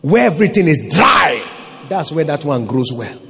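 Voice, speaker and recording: A man's voice: fairly high pitch, very animated, normal speed, gravelly, fairly bright tone, raised voice, a little hiss or hum. A man preaching a sermon as pastor, emphatic, with many rhetorical questions.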